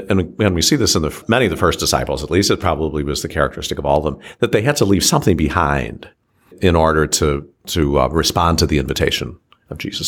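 A man speaking as an archbishop in a reflective teaching conversation, slow and measured, often pausing and restarting his sentences. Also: a bass voice, fairly bright tone.

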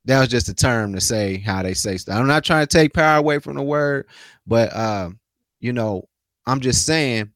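A man's voice: medium pitch, normal speed, fairly bright tone, dry recording. A man co-hosting a casual sports talk podcast, speaking loosely in slang with frequent restarts. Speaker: podcast co-host.

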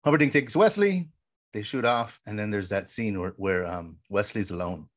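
A man co-hosting a podcast, casually retelling film scenes with lively quoted lines and frequent "bro". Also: lowish voice, moderate pace, no room sound, clean studio sound. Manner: animated storyteller, says "bro" often. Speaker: podcast co-host.

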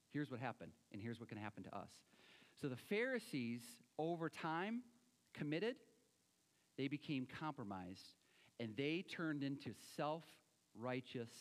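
A man preaching a sermon, animated, acting out quoted voices and swinging between loud and soft. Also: on the high side, big-room sound. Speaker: pastor.

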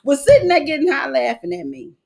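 A woman's voice: high voice, wildly swooping pitch, fast, vocal fry, darkish tone. A woman in her thirties telling a crude story on a casual live stream as co-host, laughing and acting out the quotes.

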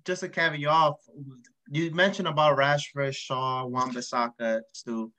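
Bright-voiced man leading a chat. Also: on the high side, fairly even intonation, unhurried, low-quality recording. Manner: questioning, leads the discussion. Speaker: podcast host. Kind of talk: casual chat.

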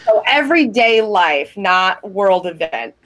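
Female co-host, mid-range voice, teasing, quick interjections. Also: medium pitch, very animated, a bit bright, poor audio. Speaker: podcast co-host. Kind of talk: casual chat.

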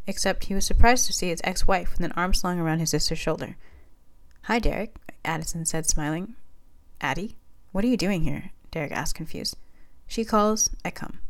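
Woman narrator, low register, steady plain storybook reading. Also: clear, resonant tone. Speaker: fanfiction reader.

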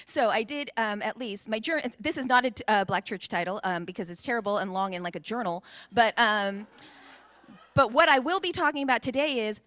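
A woman from the United States, a guest preacher giving a conversational sermon in a church, chatty and informal with frequent ums and quick asides. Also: on the high side, fairly bright tone. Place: church sanctuary with a congregation, also streamed to Zoom.

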